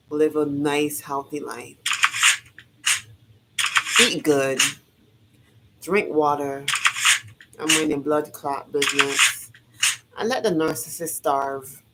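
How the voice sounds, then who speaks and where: A woman's voice: low voice, very noisy. A woman in a casual motivational vlog monologue, talking in an emphatic, repetitive way, swearing freely as she preaches to her viewers. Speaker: vlogger.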